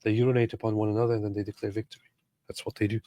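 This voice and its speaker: A man's voice: lowish voice, level tone, racing, mellow, no echo. A man co-hosting a casual livestream, reading out chat messages with dry sarcasm. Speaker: livestream co-host.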